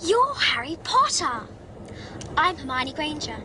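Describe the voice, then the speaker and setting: A brisk, bossy know-it-all schoolgirl witch with a British English accent, her voice high and clipped as she orders others about in a film scene. The sound is a film clip played back with plenty of noise underneath. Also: very animated.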